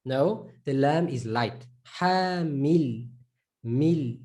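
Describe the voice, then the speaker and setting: A man from South Africa with a South African accent, teaching Arabic letters to a class and repeating each sound slowly. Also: medium pitch, expressive, dark tone. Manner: slow, repeats sounds and words for students. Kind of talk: live online lesson.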